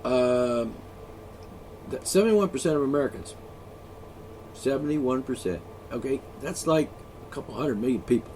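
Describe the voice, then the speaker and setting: A man's voice: mid-range voice, expressive, moderate pace, pauses often, dark tone, slight background noise. A man vlogging an angry solo rant, profane, sarcastic and mocking.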